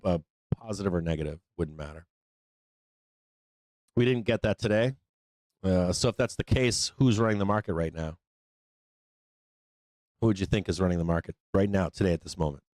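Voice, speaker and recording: A man with a low, slightly mellow voice, recorded with no room sound, hosts a live stock trading stream. His casual market commentary is loose and profane, packed with fillers.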